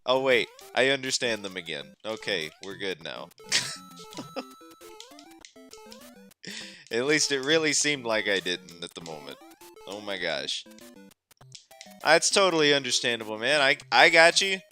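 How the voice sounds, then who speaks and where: A man streaming a game, chatting casually, animated and exclamatory, and laughing often. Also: mid-range voice, measured pace, long pauses, soft background music. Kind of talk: casual gameplay chat.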